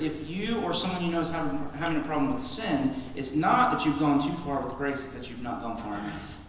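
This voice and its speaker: A man preaches to his congregation in an emphatic, conversational style, circling back and restarting his thoughts as he goes. His slightly high voice is caught from across the room, so it rings with a long church echo, with faint room ambience beneath it. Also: lively intonation, fairly quick, few pauses, a bit bright, slight background noise. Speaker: pastor. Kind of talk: sermon. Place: church sanctuary. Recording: echoey hall from a distant mic.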